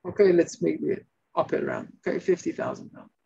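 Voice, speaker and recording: A male rabbi giving an informal Torah class, telling stories and acting out the shouting characters. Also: on the high side, brisk, gravelly. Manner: animated storytelling, acts out shouting characters. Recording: slightly muffled recording with faint noise.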